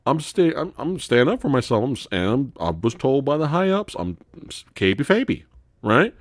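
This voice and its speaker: Profane, animated man hosting a live stream. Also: medium pitch, normal speed, dry recording, clean studio sound. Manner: profane, animated storytelling with frequent laughter. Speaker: host. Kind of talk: casual live-stream chat.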